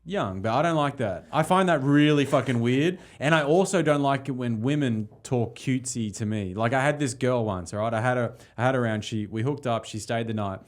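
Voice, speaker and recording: A man's voice: mid-range voice, a little fast, hardly any pauses. A man in casual podcast banter, telling stories bluntly and with plenty of swearing. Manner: blunt, profane storytelling. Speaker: comedian guest.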